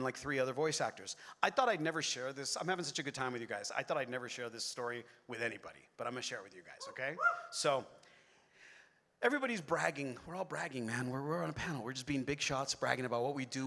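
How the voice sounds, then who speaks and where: A middle-aged man, a voice actor on a convention panel, telling rambling, excitable stories to the audience with many restarts and asides. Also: mid-range voice. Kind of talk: animated storytelling on a convention stage. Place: large convention hall. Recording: echoey hall with long reverb.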